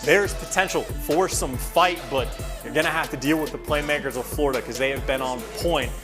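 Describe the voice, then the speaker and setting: A male analyst breaking down a match in measured, analytical commentary. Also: a little high. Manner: measured, analytical, slight restarts. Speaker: esports analyst. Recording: music bed underneath.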